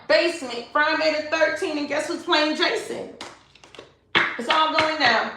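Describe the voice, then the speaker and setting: Emphatic high-voiced woman tarot reader. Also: unhurried, pushed and bright. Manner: emphatic, repetitive, slangy. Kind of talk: livestreamed tarot reading. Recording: echoey room, faint noise.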